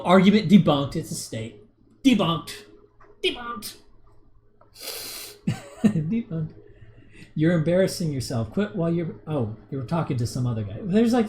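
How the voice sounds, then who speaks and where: Rambling man in his thirties, lively pitch. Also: a little hiss or hum. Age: 30s. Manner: rambling, with many restarts and chuckles. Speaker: livestream host. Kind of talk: casual livestream chat reading viewer comments.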